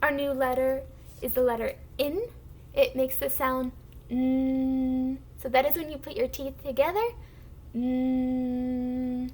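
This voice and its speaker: A woman teacher giving a recorded phonics lesson to young children, sounding out words slowly and clearly for them to repeat. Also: high-pitched, steady tone, a little mellow.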